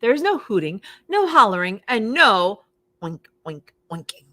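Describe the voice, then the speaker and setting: A woman voicing an earnest, strict male farmer who lectures in a firm, hushed way. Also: fairly high pitch, very animated, moderate pace, no room sound, pitched above the performer's own voice, full character voice. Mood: stern.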